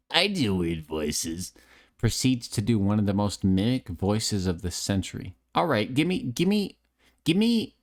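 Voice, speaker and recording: A man's voice: lowish voice, darkish tone. A man chatting casually with his viewers on a live stream, sounding tipsy and a bit nasal, with a slight lisp, rambling and self-deprecating, close to a desk mic. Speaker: streamer and voice actor. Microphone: close desk microphone.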